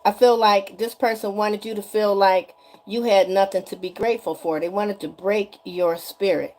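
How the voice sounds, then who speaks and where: A woman's voice: mid-range voice, steady tone, moderate pace, darkish tone. A woman giving a spiritual energy reading straight to the viewer in a sassy, chatty way, often asking "okay?". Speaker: tarot energy reader.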